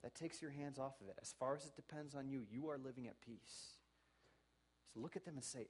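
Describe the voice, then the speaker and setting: A male pastor preaching a sermon. He exhorts the congregation earnestly, swings from soft to loud, and acts out sample apologies in a conversational voice. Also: medium pitch, fairly quick, breathy edge.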